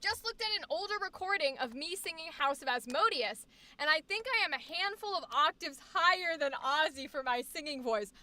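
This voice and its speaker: Woman streamer, high voice, casual livestream chat, demos vowel sounds while explaining singing. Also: expressive, a little fast, pushed and bright. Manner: many fillers and restarts, reads chat aloud.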